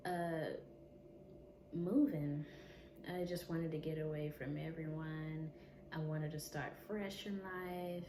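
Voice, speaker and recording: A woman vlogger candidly recounting a painful personal story, emotional and blunt, with occasional swearing. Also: deep voice. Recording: echoey room with noisy ambience.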